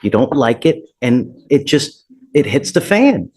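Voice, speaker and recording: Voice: mid-range voice, big pitch swings, a little slow, a little mellow, breathy edge. A judge speaking sternly from the bench in a courtroom, running through long lists of charges.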